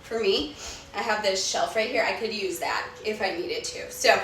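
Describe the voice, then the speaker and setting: A woman leading a live-streamed yoga workout from home, giving calm step-by-step cues and countdowns, a little out of breath. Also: mid-range voice, moderate pace, noisy background. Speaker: yoga instructor. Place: home room. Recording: echoey room, far from mic, music behind.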